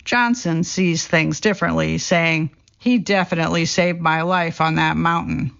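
Gravelly narrator reading a true story out loud, steady delivery, kinda muffled lo-fi sound. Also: medium pitch, normal speed. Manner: steady storytelling read, quoting people in the same voice. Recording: dull lo-fi recording.

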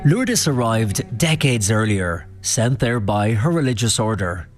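A male reporter reading scripted documentary narration in a measured, serious way. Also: fairly low pitch, sing-song, soft background music.

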